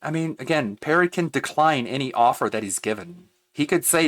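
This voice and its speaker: A man streaming, reacting to a video with animated, exasperated commentary, laughing often and swearing. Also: mid-range voice, fairly quick, no room sound.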